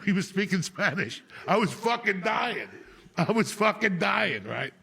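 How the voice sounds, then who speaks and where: A man hosting a podcast, telling profane, animated stories from his school days. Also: a little high, brisk. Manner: raspy, profane, animated, breaks into laughter. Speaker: podcast host. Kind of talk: profane casual storytelling.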